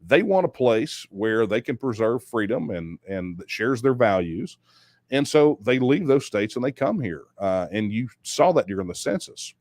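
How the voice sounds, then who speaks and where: A man's voice: mid-range voice, sing-song, normal speed, a little mellow, dry recording. A man hosting a livestream, answering viewer questions in a conversational way, often repeating himself and speeding up when he makes a point. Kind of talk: livestream Q&A talk.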